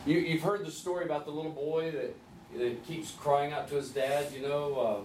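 A man leading a group Bible study, conversational and gently teasing, asking the group questions. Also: fairly high pitch, fairly even intonation, moderate pace. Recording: echoey room, distant mic, faint hiss.

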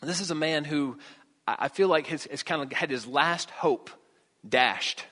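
A man's voice: on the high side, measured pace, sharp tone, big-room sound. A man preaching a conversational sermon, reading scripture and asking the listeners rhetorical questions.

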